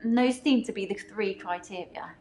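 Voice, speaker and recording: A woman voicing a troubled young female patient who believes she can shapeshift, speaking in an earnest, halting way. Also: medium pitch, a little mellow, roomy sound, a little hiss or hum, natural voice. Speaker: game character.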